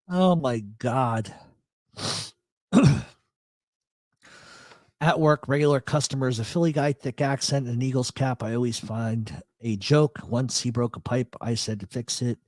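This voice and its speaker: A radio host from Rhode Island runs a live talk show, rambling and swearing through his stories in a South Philadelphia accent he picked up over the years. His mid-range voice is recorded with no echo.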